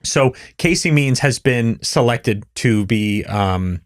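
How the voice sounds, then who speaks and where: A man's voice: mid-range voice, animated, takes it slowly, no room sound, studio quality. A man hosting a podcast, chatting casually and explaining at length with many restarts and fillers. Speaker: podcast host. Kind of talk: casual conversation.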